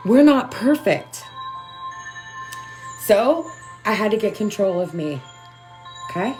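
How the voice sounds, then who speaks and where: A woman speaking candidly and emotionally to her livestream viewers about spiritual growth, swearing freely and often asking "right?". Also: mid-range voice. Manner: conversational, keeps asking "right?". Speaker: spiritual self-help vlogger.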